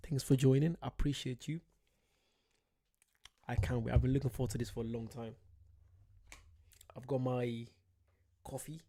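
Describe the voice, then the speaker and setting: A man's voice: mid-range voice, little pitch movement, normal speed, long pauses, dark tone. A man from the UK, hosting his first live stream, chatting casually and greeting viewers by name. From United Kingdom. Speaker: channel host. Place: at home late at night.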